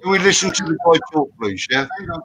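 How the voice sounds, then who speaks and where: A man chatting loudly and joking on a livestream, tired after a night without sleep. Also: on the high side, lively intonation, fast, crowd noise. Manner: loud, rambling and joking. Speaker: livestream guest. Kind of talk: casual chat.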